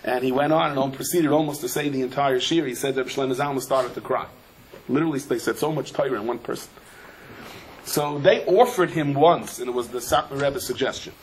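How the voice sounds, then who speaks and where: A man's voice: fairly quick, a little hiss or hum, rough recording. A man teaching a Torah class. He tells stories animatedly, mixes in Hebrew and Yiddish terms, and acts out the people he quotes. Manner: voices quoted people in a raised pitch. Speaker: rabbi giving a Torah class. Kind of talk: storytelling Torah lecture.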